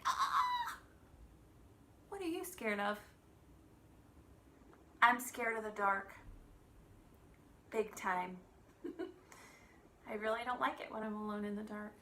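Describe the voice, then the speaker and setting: Bright, expressive woman teaching children. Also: mid-range voice, unhurried, long pauses, a little hiss or hum. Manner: gentle, expressive, asks children questions. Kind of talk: children's lesson.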